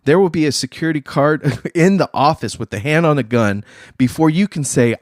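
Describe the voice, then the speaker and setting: A man hosting a casual talk show, talking in slang and acting out other people in quick voices. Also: fairly high pitch, animated, dry recording, studio quality. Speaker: podcast host. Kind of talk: casual chat.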